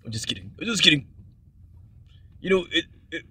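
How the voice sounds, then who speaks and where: A man's voice: on the high side, animated, brisk, bright, forceful tone, breathy edge, heavily acted. A man voicing a whiny, childlike male turtle uncle who frets and jokes, recorded inside a car. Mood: fretful. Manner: whiny, fretful, jokey.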